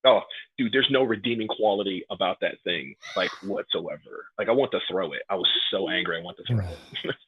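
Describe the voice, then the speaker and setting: This pro wrestler guest is in his thirties, comes from New York, and grew up in Atlanta. On a laid-back podcast he speaks briskly in a low-pitched voice with a breathy edge, performing the quotes as he spins his stories. The recording is dry and tinny, like a phone call.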